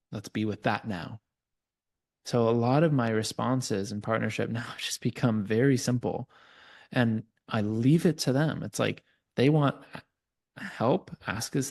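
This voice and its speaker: A man's voice: fairly low pitch, creaky, a little mellow. A man, a coach as a podcast guest, earnestly explaining his ideas in a conversational teaching style and giving examples.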